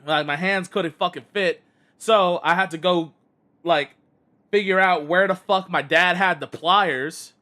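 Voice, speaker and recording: Brief: male streamer, high bright voice, exasperated cursing rant while gaming. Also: measured pace. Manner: exasperated, heavy swearing.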